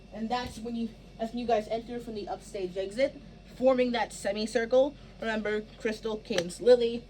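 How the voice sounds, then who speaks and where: A woman's voice: on the high side, steady tone, moderate pace, mellow, a little hiss or hum. A woman director walking actors through stage blocking in a casual, rambling way, full of fillers and restarts. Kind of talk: casual rehearsal instructions.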